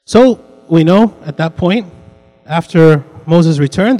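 A man's voice: a little high, expressive, slow, dark tone, long reverb tail, faint music behind. A man teaching an interactive Bible class, repeating his points and putting questions to the students. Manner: repetitive, asks the class questions.

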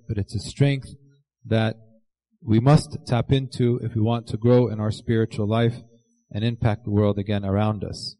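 Mellow-voiced man preaching a sermon. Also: medium pitch, poor audio. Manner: earnest, slows down to quote scripture.

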